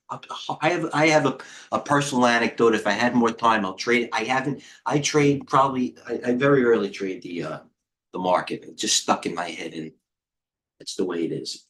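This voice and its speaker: A middle-aged man hosting a live trading stream, giving casual market commentary in a rambling way, with quick asides, restarts and talking to himself. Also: medium pitch, a bit bright. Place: indoor room with a heater on.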